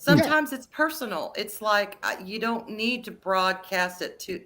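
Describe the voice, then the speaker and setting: A woman co-hosting a casual chat, lively and laughing often, her voice jumping up high when she gets excited. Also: moderate pace.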